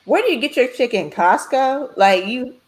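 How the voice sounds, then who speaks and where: A woman's voice: sits high, expressive, moderate pace. A woman co-hosting a casual sports podcast, teasing and outspoken. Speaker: podcast co-host.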